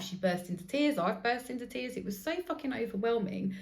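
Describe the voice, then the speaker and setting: A woman's voice: a little high, expressive, fast, few pauses. A woman in her forties hosting a candid solo podcast, telling stories bluntly and emotionally with plenty of swearing. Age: 40s. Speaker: podcast host.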